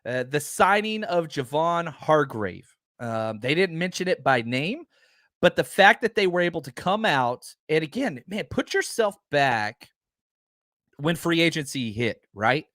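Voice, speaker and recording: On a live-stream podcast, an energetic male host chats with his viewers, happily rambling through his points with lots of fillers. His voice is slightly high for a man, and he keeps a measured pace. The recording is close and dry, with no sense of a room.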